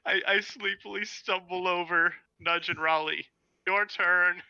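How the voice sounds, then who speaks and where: High-pitched, bright-voiced man playing the game. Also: fairly even intonation, normal speed, vocal fry, dry recording, poor audio. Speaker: player. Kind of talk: tabletop game chat.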